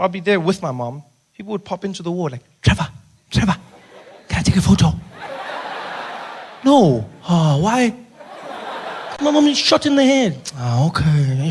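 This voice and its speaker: A male stand-up comedian, telling animated stories and acting out voices. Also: mid-range voice. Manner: animated, acts out characters, shouts at punchlines. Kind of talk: stand-up storytelling. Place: live comedy venue with audience.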